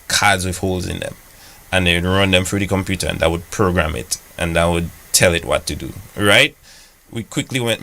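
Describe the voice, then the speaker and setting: A young man from Dominica, a software engineer guest on a radio interview, explaining things casually with lots of "like" fillers. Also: low voice, low-quality recording.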